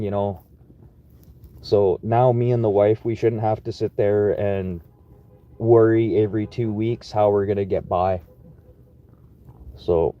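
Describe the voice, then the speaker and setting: A young construction worker from Manitoba, Canada, vlogs in a lowish, mellow voice, rambling about his job in a laid-back, chatty, profane monologue. The recording has a dull, lo-fi sound.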